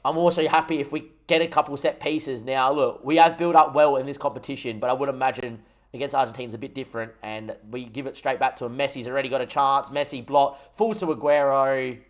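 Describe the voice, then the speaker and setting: A young Australian man streaming a football management game, commentating the match live and getting excited at goals while talking to his chat. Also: mid-range voice, a little fast. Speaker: gaming streamer.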